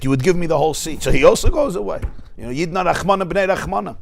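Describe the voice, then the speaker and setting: A man teaching a class as a rabbi, telling anecdotes and often shouting the punchlines. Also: fairly high pitch, lively intonation, fast, gravelly. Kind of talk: lively classroom lecture with anecdotes.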